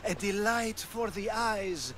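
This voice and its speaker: A suggestive, teasing Athenian dandy; slowly drawn-out innuendo, somewhat high voice, game audio with noise. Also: male voice. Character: flirtatious foppish male Athenian companion. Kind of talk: video game dialogue.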